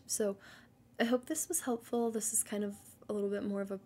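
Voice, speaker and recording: A woman in her thirties hosting a solo parenting podcast, earnest and practical, often dropping into a breathy near-whisper. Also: medium pitch, fairly even intonation, fairly quick, dark tone, slight background noise. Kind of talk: casual solo podcast talk.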